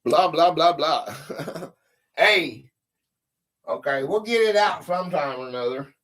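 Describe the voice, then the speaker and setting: A man's voice: on the high side, lively intonation, measured pace, fairly bright tone, rough recording. A man hosting a casual live game stream, reading quiz questions aloud with a drawl and chuckling at his own stumbles.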